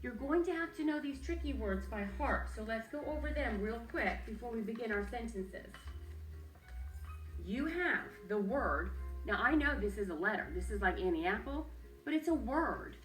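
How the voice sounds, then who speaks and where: A woman's voice: on the high side, animated, normal speed, a bit bright, echoey room, distant mic, faint music behind. A woman teacher leading a young children's phonics lesson, patient and sing-song, coaxing them to repeat after her. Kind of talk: early-reading phonics lesson.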